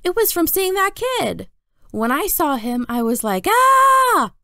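A woman voicing an excitable, whining second-grade boy in a storybook reading. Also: a little slow, gravelly, no echo, clean studio sound, heavily acted. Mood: whiny, excited. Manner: whining, high excited exclamations.

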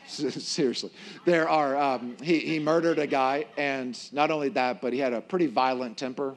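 A male pastor giving a sermon in a conversational, animated storytelling way. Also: medium pitch.

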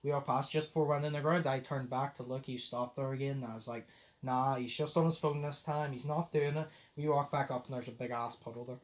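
A man's voice: mid-range voice, quick pace. A young man hosting a podcast, telling a story in casual chat and acting out the dialogue, swearing and laughing as he goes. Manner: animated retelling, acts out the dialogue. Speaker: podcast host.

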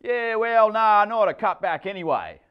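A coarse middle-aged Australian tradie, put on by a man reading a story, rambles on about a near miss in the surf. He swears constantly and gets excited as he talks. His voice rises and falls a great deal. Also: fairly high pitch, normal speed, muffled recording, pitched above the performer's own voice. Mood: excited, crude.

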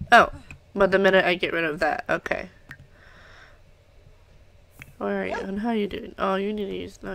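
A young woman gives casual let's-play commentary as a gameplay commentator, chatting away and cooing at her game's pets. Her mid-range voice is gravelly and a bit bright.

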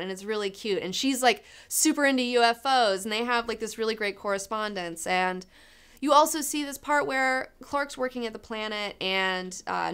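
A woman's voice: medium pitch, fairly bright tone, clean tone. A young woman casually reviewing comics, enthusiastic, swearing freely and saying "like" a lot.

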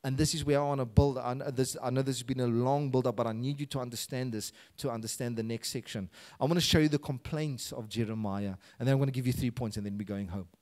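A man's voice: medium pitch, fairly even intonation, fast talker, few pauses, darkish tone. A man preaching a sermon with a South African accent, reading scripture aloud with rising passion. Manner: impassioned, voices scripture with rising intensity. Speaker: pastor.

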